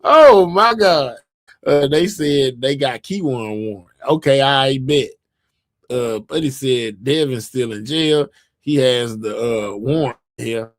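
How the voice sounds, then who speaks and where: A man's voice: medium pitch, a little slow, no echo, clean studio sound. A man hosting a live stream, chatting casually and reading out viewer comments, rambling with many fillers and restarts. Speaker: livestream host.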